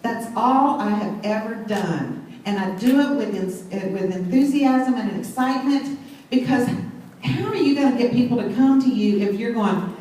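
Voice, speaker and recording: A woman's voice: on the high side, moderate pace, a little mellow, distant mic. Enthusiastic woman in an echoey hall. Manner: enthusiastic, storytelling, addresses crowd. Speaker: speaker at a sales event. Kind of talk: motivational talk on stage. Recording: very echoey hall, mic set back, faint noise.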